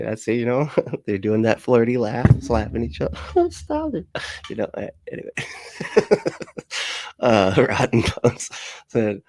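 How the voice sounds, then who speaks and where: A man's voice: fairly low pitch, vocal fry, a little mellow, no room sound, studio quality. A man streaming casually, reading chat comments aloud, rambling with frequent laughs and swearing. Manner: rambling, laughs often, profane asides.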